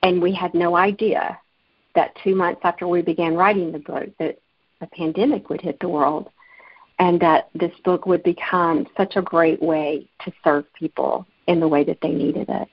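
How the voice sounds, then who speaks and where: A woman's voice: fairly low pitch, fairly even intonation, moderate pace, no echo. Woman from Alabama, earnest storyteller, interview guest, muffled lo-fi audio. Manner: earnest, storytelling, laughs easily. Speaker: author and guest. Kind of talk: interview conversation.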